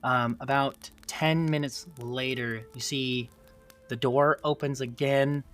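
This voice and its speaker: A man's voice: medium pitch, fairly even intonation, slow pace, fairly bright tone, soft background music. A man narrating as game master of a tabletop role-playing game, rambling with many fillers.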